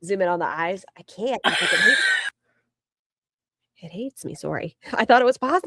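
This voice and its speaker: A woman's voice: mid-range voice, expressive, moderate pace, pauses often, sharp tone, dry recording, clean studio sound. A woman streamer giving casual, sarcastic commentary while reacting to a video and greeting her chat. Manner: sarcastic, teasing asides to chat.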